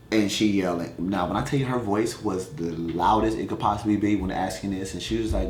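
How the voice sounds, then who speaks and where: Young male musician, low voice, frank and swearing, loose animated storytelling; echoey room. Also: a little fast, few pauses. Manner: candid, profane, animated storytelling. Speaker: musician answering fan questions. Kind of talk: casual storytelling vlog. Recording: echoey room, faint noise.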